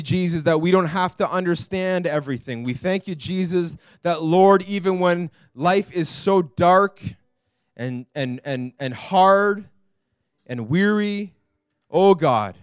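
A man preaches in church with a high, impassioned voice that climbs when he reads out scripture. The sound is close and dry. A faint instrument plays underneath. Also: clean tone, no room sound. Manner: impassioned, rising high and loud when quoting the psalm. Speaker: pastor. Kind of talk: sermon.

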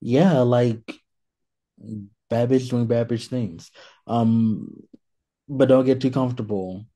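A man co-hosting a podcast in casual chat, relaxed and hesitant, with frequent ums between points. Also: medium pitch, slow. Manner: relaxed, hesitant with many fillers. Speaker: podcast co-host.

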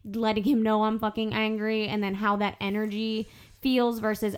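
A woman hosting a podcast in casual conversation, candid and animated, swearing freely and acting out her own inner voice. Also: mid-range voice, moderate pace, clear, resonant tone. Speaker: podcast host.

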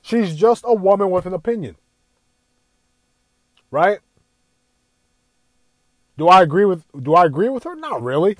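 A young man with a high voice delivers a profane, exasperated rant about gaming. The sound is dry and close, with no room around it. He swears constantly and keeps circling back to his complaints. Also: big pitch swings, a little slow, pauses often, dry recording. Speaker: gaming commentator. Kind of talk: ranting commentary.

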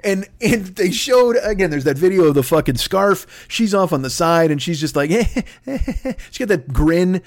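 A man hosting a comedy podcast, ranting in a profane, rambling, excitable way with lots of restarts. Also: sits high, unhurried. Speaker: podcast host. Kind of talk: comedic rant.

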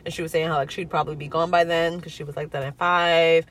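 A young woman with a low voice speaks fast while telling a personal story in casual chat. She is animated and acts out the voices of the people she quotes.

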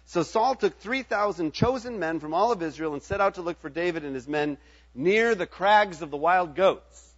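A man's voice: sits high, expressive, normal speed, highs cut off. A middle-aged man preaching a sermon in a conversational way, often checking in with his listeners. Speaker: pastor.

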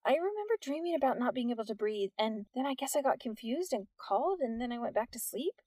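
A woman voicing a quick-witted fifteen-year-old girl who speaks in a groggy, sheepish way. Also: on the high side, very animated, a little mellow, no echo, distant mic, pitched above the performer's own voice.

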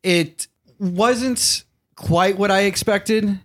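A man's voice: high voice, very slow. A young man co-hosting a casual podcast, talking enthusiastically and rambling with lots of fillers. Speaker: podcast co-host. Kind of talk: casual chat.

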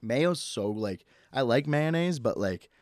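Young male podcast host, animated and profane, dry close-mic sound. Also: mid-range voice, measured pace, no room sound. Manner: animated, profane, mock-disgusted. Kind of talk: solo comedic podcast rant.

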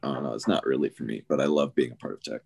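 A man's voice: extremely low pitch, steady tone, very fast, gravelly, darkish tone, breathy edge. An American man in casual podcast chat, rambling with many fillers and laughs. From United States.

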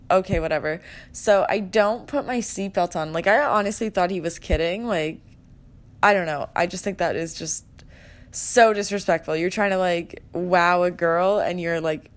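A woman's voice: mid-range voice, moderate pace. A young woman hosting a casual podcast, retelling a night out in a chatty, dramatic way, full of "like" and swearing. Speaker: podcast host. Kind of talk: casual storytelling chat.

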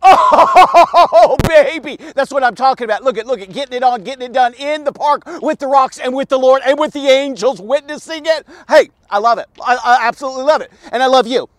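A man with a very high voice gives a loose, chatty daily devotional. He talks in an animated, down-home way, repeating little phrases as he goes. The sound is close and dry, with no room echo. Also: quick pace, few pauses. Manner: animated, repetitive and folksy, often saying "look at" and "okay". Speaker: devotional host. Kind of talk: casual devotional talk. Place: outdoors in a park.

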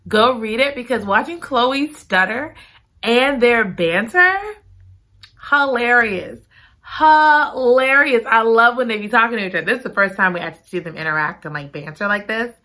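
A woman recapping a book in casual chat, gushing and giggly, repeating her excited exclamations. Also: fairly high pitch, a little fast. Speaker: book reviewer.

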